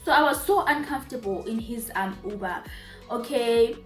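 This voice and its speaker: Animated Zimbabwean woman, echoey room. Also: a little high, normal speed. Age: young adult. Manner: animated, emphatic repetitions. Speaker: vlogger. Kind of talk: casual storytime. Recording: roomy echo, faint music.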